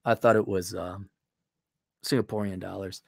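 A man's voice: deep voice, steady tone, moderate pace, vocal fry, slightly rough, dry recording, clean studio sound. A man giving a profane, heated and mocking rant as a political commentator on a livestream.

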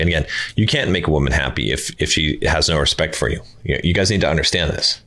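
A man with a very low voice talks straight to his viewers about relationships. He is blunt and emphatic, and he acts out quoted lines in a higher voice. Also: fast, sharp tone. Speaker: dating advice host. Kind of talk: casual advice monologue.

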